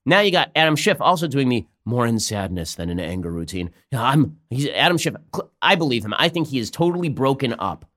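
Man, podcast host, political commentary, sarcastic, mocking, quick talker. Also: medium pitch, sing-song, a bit bright.

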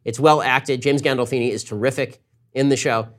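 A man hosting a political commentary show, talking in a fast, sarcastic monologue and mimicking his opponents in quick asides. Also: mid-range voice, fairly even intonation.

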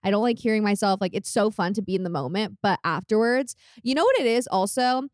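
A woman's voice: medium pitch, animated, fast talker, no echo, clean studio sound. A woman in her twenties from California, a podcast guest telling stories in a chatty way, laughing as she goes. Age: 20s. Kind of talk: casual chat.

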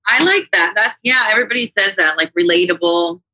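Woman in her forties, bright voice, dry close sound, laughs a lot, easygoing interview guest. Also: mid-range voice, a little fast, no echo, rough recording. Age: 40s. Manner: laughs often, relaxed and candid. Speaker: podcast guest. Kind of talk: casual interview chat.

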